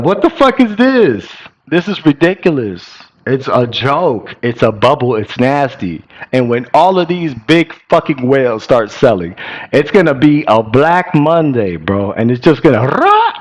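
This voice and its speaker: A young man hosting his own channel, giving blunt, profane, slang-heavy market commentary straight to his viewers. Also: medium pitch. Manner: profane, blunt and animated, slangy with "bro" and "y'all". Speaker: crypto channel host.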